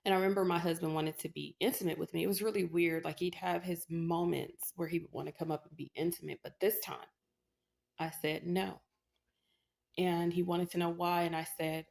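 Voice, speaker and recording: A woman with a notably low voice recounts her personal testimony in an earnest, conversational way. She leans on "you know" fillers as she talks, sounding sincere and emotionally invested. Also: fairly even intonation, a little fast, gravelly, darkish tone. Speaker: testimony speaker. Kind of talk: personal testimony, casual storytelling.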